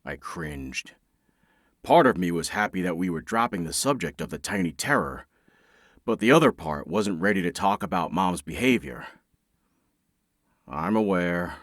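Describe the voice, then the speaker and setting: A man's voice: deep voice, lively intonation, normal speed, fairly bright tone, dry recording, studio quality. A male narrator reading a first-person audiobook with a sardonic, exasperated edge.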